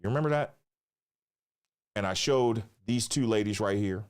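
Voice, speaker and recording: A man hosting his channel, talking through video clips in loose, excitable commentary full of swearing and questions to the viewers. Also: lowish voice, moderate pace, smooth. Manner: excitable, profane, keeps asking viewers to remember. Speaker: channel host reacting to clips.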